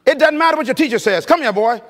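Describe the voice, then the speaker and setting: A man's voice: very high voice, animated, fast talker. A man acting out a firm, loving mother who guides her young son. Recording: long reverb of a large hall.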